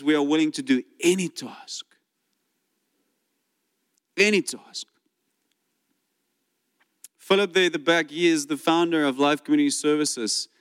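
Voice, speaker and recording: A man preaching a sermon in a church, animated and acting out voices as he retells the story. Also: on the high side, smooth. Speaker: pastor. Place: church sanctuary. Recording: long hall reverb.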